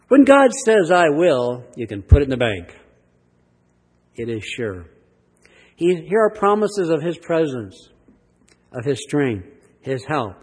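A man's voice: a little high, sing-song, slow, pauses often, slightly rough, long reverb tail. A man preaching a sermon, reading Scripture aloud and teaching from it with earnest, emphatic delivery that swells and drops. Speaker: pastor.

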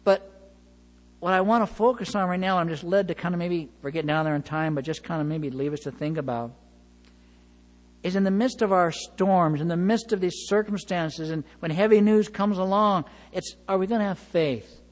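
A man's voice: high-pitched, normal speed. Pastor guy preaching, acts out the dialogue, echoey big hall. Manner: animated storytelling, acts out dialogue, chuckles. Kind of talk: sermon.

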